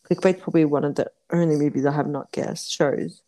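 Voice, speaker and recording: A woman's voice: deep voice, fairly even intonation, fairly quick, mellow. An Australian woman co-hosting a casual podcast, chatty and giggly, swearing now and then. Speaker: podcast co-host. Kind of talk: casual chat.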